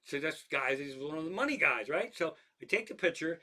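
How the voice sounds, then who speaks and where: A man with a slightly high, expressive voice and a sharp tone talks fairly quickly. He's a comedian delivering a stand-up style monologue, rambling through profane stories about his life and his cats with many restarts and asides.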